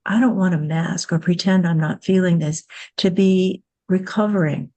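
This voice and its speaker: A woman's voice: lowish voice, moderate pace, dark tone. A woman hosting a candid podcast, speaking earnestly and reflectively, often restarting and repeating her words. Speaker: podcast host.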